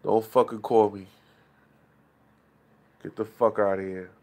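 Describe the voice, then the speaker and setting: A man's voice: lowish voice, flat delivery, a little slow, darkish tone. A man ranting profanely to his chat on a late-night livestream. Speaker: live streamer. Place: home, at night.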